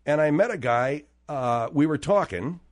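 A man's voice: on the high side, animated, measured pace. A man hosting a comedy radio talk show, telling a rambling story and getting exasperated with his sidekicks. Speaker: radio host.

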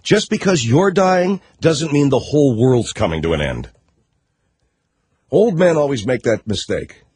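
A man's voice: medium pitch, sing-song, unhurried, darkish tone, breathy edge. A man hosting a talk radio show, riffing sarcastically and mockingly on news stories.

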